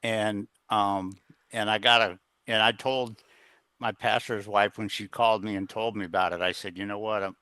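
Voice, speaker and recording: A man's voice: on the low side, steady tone, moderate pace, pushed and bright, clean tone, no echo. A middle-aged man telling a personal story as a guest in an interview, rambling, with plenty of fillers and restarts. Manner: earnest, plain-spoken. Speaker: guest, executive coach.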